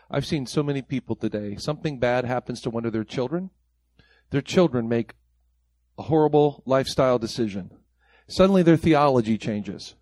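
A man's voice: medium pitch, darkish tone, no echo. A man preaching a sermon as pastor, mimicking the people he quotes in mocking voices.

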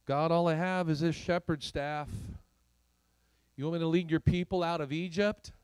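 An incredulous male shepherd voiced by a man protests that all he has is a stick. His plaintive voice climbs high, and the sound is dry and close, with no room echo. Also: steady tone, normal speed, a little mellow, smooth, close to an everyday voice. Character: pleading male shepherd doubting his simple staff.

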